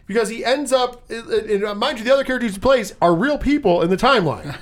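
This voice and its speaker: This man's voice sits very high as he hosts a laid-back chat reviewing movies. Swearing freely and full of energy, he performs scenes by slipping rapidly into put-on voices.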